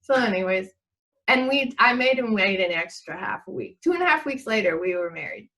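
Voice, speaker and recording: A woman's voice: mid-range voice, lively intonation, a little fast, bright, forceful tone, low-quality recording. Chatty middle-aged woman telling a story. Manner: rambling storyteller who laughs often and acts out quotes. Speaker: guest. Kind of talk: casual chat.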